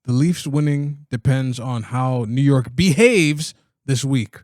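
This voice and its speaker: A man's voice: medium pitch, slow, darkish tone, dry recording, studio quality. A man co-hosting a podcast, joking and laughing through casual sports banter, often repeating his words. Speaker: podcast co-host.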